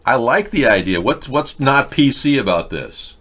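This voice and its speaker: A man's voice: medium pitch, animated, moderate pace, a bit bright. A man hosting a political talk show, talking in a mocking, sarcastic way and jumping between bits and rants. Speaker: host.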